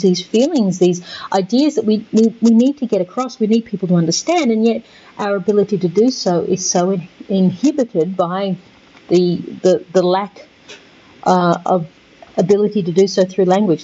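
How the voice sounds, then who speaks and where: A woman giving a recorded literature lecture over slides, chatty and halting, with many fillers and restarts. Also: mid-range voice, dark tone, dull audio. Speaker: literature teacher.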